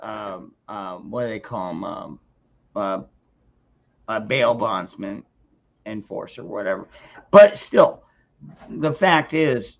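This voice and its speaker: A man's voice: mid-range voice, vocal fry. A man ranting on a casual livestream, angry and profane, stumbling through restarts as he talks. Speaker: streamer. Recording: dull lo-fi sound.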